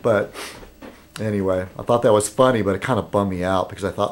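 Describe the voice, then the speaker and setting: Rambling man telling a story, full of fillers. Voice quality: halting, full of fillers and restarts. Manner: animated, jumps higher when mimicking others. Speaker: video blogger. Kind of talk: rambling casual monologue.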